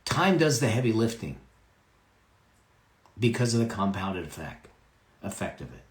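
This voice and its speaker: A man's voice: fairly low pitch, very animated, measured pace, roomy sound. A man giving a live motivational talk about money, emphatic, repeating key phrases and checking in with "okay?".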